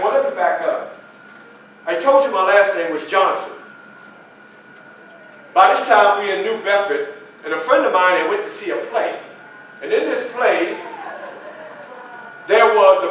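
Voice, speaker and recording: A man's voice: high voice, fairly bright tone, slight background noise. A man performing a first-person historical portrayal, telling his story in a folksy, conversational way at a library event. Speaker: historical reenactor. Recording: echoey room, mic far off.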